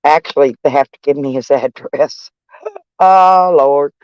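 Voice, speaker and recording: A woman's voice: low-pitched, measured pace, darkish tone, no echo, dull audio. An older woman, hosting a casual livestream with brash, profane, laughing taunts. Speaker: livestream host.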